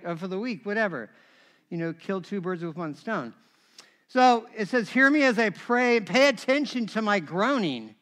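A middle-aged man preaching a sermon as a pastor, telling stories in an animated way with touches of humor. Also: high-pitched, clear, resonant tone.

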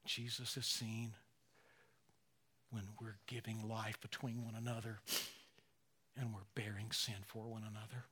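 A man in his sixties preaching a sermon, emotional, dropping to near-whispers and rising to loud, fervent emphasis, slowing on key phrases. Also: fairly low pitch, flat delivery, slightly rough. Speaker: pastor.

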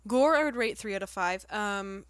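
A woman co-hosting a casual movie review chat, telling stories with lively asides and acting out her own reactions. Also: normal speed, no room sound. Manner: animated storyteller, quotes herself in a higher voice. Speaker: podcast co-host.

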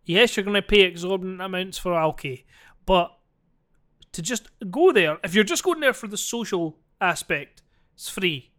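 A man's voice: sits high, normal speed. A man with a Scottish accent talking in casual, sweary chat as a podcast co-host. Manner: sweary, laughing, animated.

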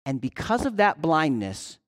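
A man preaching a sermon as pastor in a conversational way, often checking in with his listeners and swinging between loud and hushed delivery. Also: on the high side, very animated, measured pace. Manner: conversational, with frequent "right?" check-ins.

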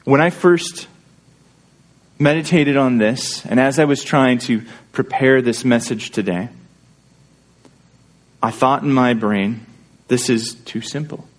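A man's voice: medium pitch, slow pace, long pauses. A man pastor preaching a sermon in an earnest, conversational way, often checking in with his listeners through rhetorical questions.

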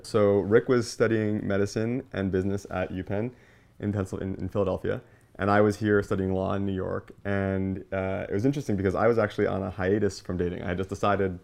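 Low-voiced man telling a story. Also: vocal fry, darkish tone. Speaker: interviewee telling how he met his partner. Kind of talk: casual storytelling.

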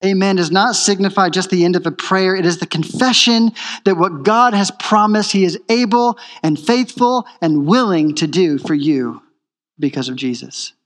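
A man's voice: high voice, moderate pace, fairly bright tone, in a large hall. A man preaching a sermon in a church, emphatic and repeating his key phrases. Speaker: pastor.

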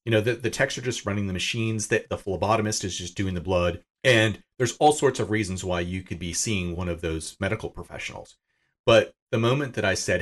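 A middle-aged man telling a personal story in a podcast interview, talking casually and amused, often jumping up in pitch when he quotes someone. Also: brisk. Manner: animated and self-amused, voice jumping up for quoted lines. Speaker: podcast guest. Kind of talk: conversational storytelling.

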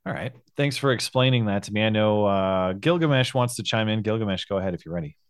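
A man leading a casual Bible discussion, speaking in a hesitant, halting way with many fillers. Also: on the low side, animated, smooth, no room sound, studio quality. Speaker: discussion leader.

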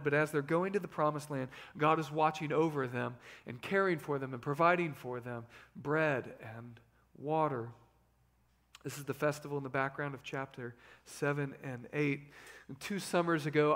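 Animated pastor preaching a sermon. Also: male voice, fairly high pitch. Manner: animated preaching, swings between loud emphasis and hushed asides.

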